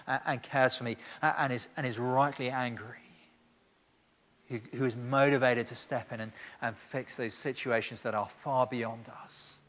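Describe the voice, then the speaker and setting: A man's voice: mid-range voice, fairly bright tone. A man preaching a sermon with emphatic rhetorical questions and frequent restarts. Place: church hall. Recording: long church reverb.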